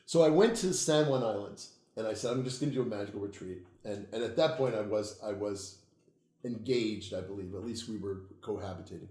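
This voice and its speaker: A man, an occult author, telling stories in a casual interview, swearing freely and getting animated. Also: fairly low pitch, brisk, roomy sound. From United States. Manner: profane, animated storytelling, laughs at own tales.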